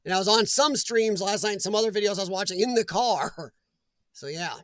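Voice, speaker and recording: A chatty middle-aged man hosts a live stream, reading out comments and laughing easily between them. His voice sits high for a man. The sound is close and dry, with almost no room around it. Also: a little fast, dry recording. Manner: chatty, laughs often, talks back to chat.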